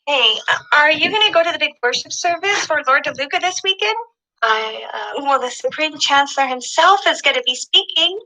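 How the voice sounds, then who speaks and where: A bright-voiced churchgoing woman in a film. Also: high voice, animated, brisk, exaggerated voice, rough recording. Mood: chatting. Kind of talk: film dialogue.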